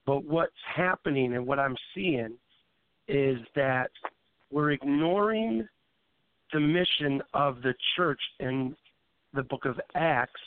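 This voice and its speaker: Smooth-voiced pastor over a phone line. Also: male voice, medium pitch. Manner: measured, insistent when interrupted. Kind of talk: panel discussion. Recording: phone-like narrow sound.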